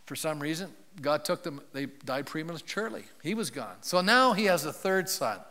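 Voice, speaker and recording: A man's voice: fairly high pitch, animated, normal speed, pushed and bright. A male pastor preaching a sermon in a church, telling a Bible story in a loose, conversational way and asking the congregation questions. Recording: long reverb of a large hall.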